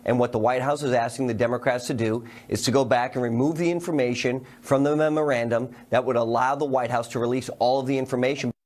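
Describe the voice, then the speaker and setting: A man's voice: medium pitch, fairly even intonation, quick pace, hardly any pauses, a little mellow. A man in a news clip, firm and on-message about politics.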